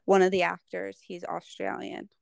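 Gravelly woman in a dry close recording. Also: on the low side, moderate pace, no room sound. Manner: animated storyteller, lots of "like". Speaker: podcast co-host. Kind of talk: casual chat.

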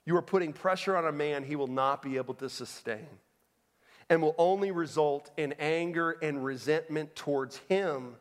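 Male pastor, sermon delivery, high pitch, dynamic from shouted to hushed, church reverb. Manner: dynamic preaching, swings from loud emphatic to soft and low. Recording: long reverb of a large hall.

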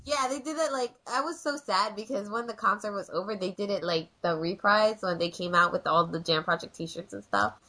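A woman co-hosting a podcast, chatting casually in an excitable, giggly, rambling way. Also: medium pitch, fairly quick, hardly any pauses. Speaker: podcast co-host. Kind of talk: casual chat.

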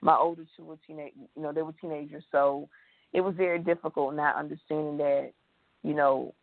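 Woman, Texan accent, emotional storytelling, gravelly, phone-quality audio. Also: deep voice, steady tone, brisk. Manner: emotional, tells it with acted-out quotes. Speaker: guest. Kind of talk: recounting her story in an interview. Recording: tinny phone line.

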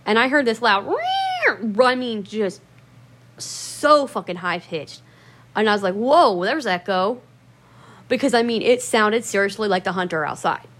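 A woman's voice: medium pitch, lively intonation, normal speed, fairly bright tone. A woman telling a personal story in a casual, rambling way, swearing often and stressing her words for emphasis.

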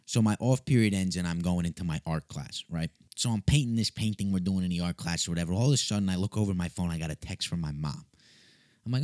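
A young man telling a funny story in a casual, animated way, swearing and mocking himself. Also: sits low, moderate pace, no room sound, studio quality.

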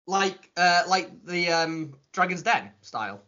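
A man's voice: sits high, animated, slow, sharp tone. A man hosting a comedy podcast, teasing and playful as he questions a guest. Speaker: podcast host. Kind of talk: comic podcast banter. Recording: slightly dull lo-fi.

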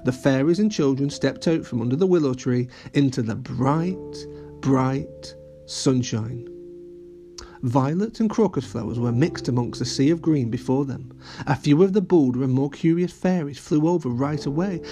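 A man gently narrating a children's audio story. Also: mid-range voice, moderate pace, faint music behind.

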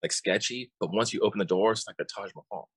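This man's voice sits on the low side, with a breathy edge and a quick pace, and there's no echo. A coach by profession, he chats loosely in a podcast conversation, often repeating himself and starting sentences over.

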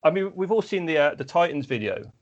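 A man's voice: a little high, expressive, fast. A man telling casual sports anecdotes in a chatty storytelling way, with frequent restarts. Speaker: podcast guest or co-host, flag football player. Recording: slightly dull, lo-fi recording.

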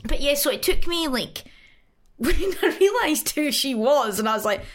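A woman's voice: high voice, lively intonation, unhurried, slight background noise. Chatty, laughing woman. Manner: laughs often, chatty, acts out quotes. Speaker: podcast co-host. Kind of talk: casual chat about films.

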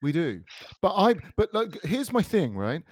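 A man's voice: high-pitched, wildly swooping pitch, a little slow. A British man co-hosting a comedy podcast, teasing his co-host in a wry, mock-pompous way during casual chat. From United Kingdom.

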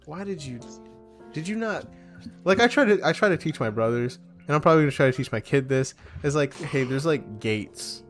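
A young man co-hosts a podcast, his voice on the high side and fairly quick, with soft music playing underneath. He rambles through casual chat packed with fillers and swearing, acting out little quoted exchanges with animated impressions.

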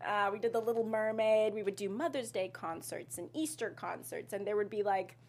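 In a casual interview, a young actress from South Africa speaks as the guest, laughing frequently. She talks fairly quickly in a medium-pitched, slightly mellow voice, her North American accent tinged with a light South African twang.

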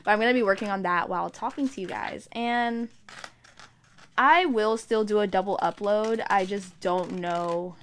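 A woman's voice: mid-range voice, normal speed, slight background noise. A woman vlogger talking in a rambling, chatty, self-mocking way. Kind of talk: casual vlog chat.

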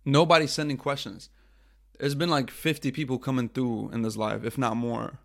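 A man's voice: medium pitch, steady tone, moderate pace, gravelly, fairly bright tone, dry recording, studio quality. A young man hosting his own podcast over a livestream, talking casually, swearing and mocking himself. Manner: frustrated, profane, self-mocking. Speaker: podcast host.

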